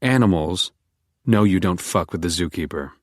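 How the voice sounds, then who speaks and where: A man narrating a first-person psychological thriller audiobook in a calm, controlled, menacing manner. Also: low-pitched, normal speed, no room sound, clean studio sound.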